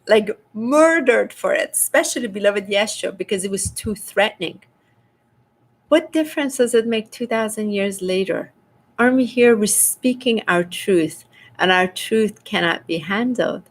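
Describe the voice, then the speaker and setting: A middle-aged woman hosting a casual spiritual livestream, reading viewers' comments aloud and talking with animated exasperation. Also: measured pace. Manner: animated, rises in pitch when exasperated. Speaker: spiritual host reading live chat.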